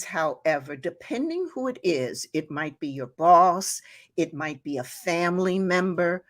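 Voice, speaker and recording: A woman hosting a live-streamed advice show. She chats with viewers in an encouraging way, laughs often and uses a lot of "you know.". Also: on the low side.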